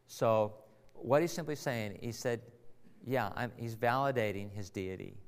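Gravelly guy preaching a sermon, earnest, punchy rhetorical questions, big echoey church hall. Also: medium pitch, a little fast. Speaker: pastor. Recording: long reverb of a large hall.

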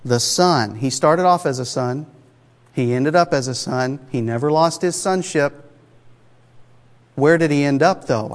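A male preacher gives a sermon that's conversational yet emphatic, often posing rhetorical questions to the congregation. His mid-pitched voice carries through the long reverb of a large church sanctuary.

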